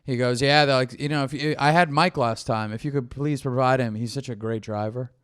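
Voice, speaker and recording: Smooth-voiced young man telling a rambling story. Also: mid-range voice, steady tone, brisk, no echo, studio quality. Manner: rambling anecdotes, acts out both sides of dialogue. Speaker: comedian podcast co-host. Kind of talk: casual storytelling chat.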